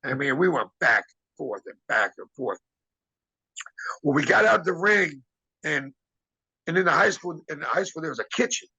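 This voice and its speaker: Male interview guest, husky, bright and forceful delivery, rambling storyteller who acts out quoted dialogue. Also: on the high side, animated, moderate pace, long pauses, muffled recording. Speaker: interview guest, former wrestler. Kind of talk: casual storytelling.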